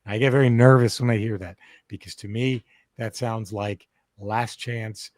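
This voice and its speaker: A man co-hosting a podcast, telling a story in a casual, profane, animated way. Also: lowish voice, normal speed, no room sound, clean studio sound. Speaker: podcast co-host. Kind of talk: casual chat.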